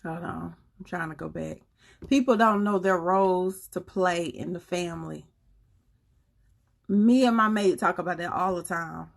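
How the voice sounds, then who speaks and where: Southern lady on a livestream, earnest and preachy, husky low voice with some fry. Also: a little slow. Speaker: livestream host. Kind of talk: casual live chat with viewers.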